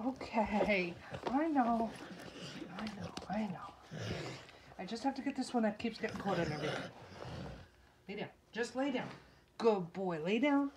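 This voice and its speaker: A woman's voice: fairly high pitch, sing-song, a little slow, long pauses, slight background noise, low-quality recording. A woman talking to her nervous dog at home while trimming its nails, soothing and pleading, sometimes scolding sternly. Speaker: dog owner. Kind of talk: coaxing talk to a pet.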